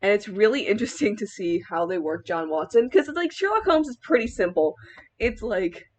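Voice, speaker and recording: A young woman rambles through a relaxed vlog chat as she styles a wig, her thoughts spilling out with plenty of filler words. She laughs easily partway through sentences. Her voice sits at an ordinary middle pitch. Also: brisk. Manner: giggly, laughs mid-sentence. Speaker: cosplayer. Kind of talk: casual vlog chat while styling a wig.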